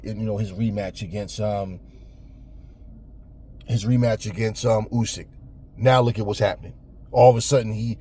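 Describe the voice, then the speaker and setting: A man's voice: medium pitch, mellow, husky. A man ranting bluntly about boxing in casual talk, cursing often and stumbling over repeated words. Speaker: boxing commentator. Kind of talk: casual opinion rant.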